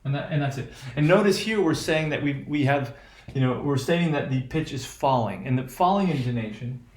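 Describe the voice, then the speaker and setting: A man's voice: medium pitch, animated, brisk. A man with an American accent teaching a class on intonation, hesitant, with many fillers and frequent "right?" checks. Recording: echoey room.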